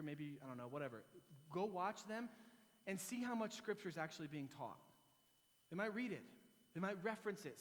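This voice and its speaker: Self-mocking pastor in a reverberant hall. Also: male voice, on the high side. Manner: animated storytelling with self-mocking humor. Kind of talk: sermon. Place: church sanctuary.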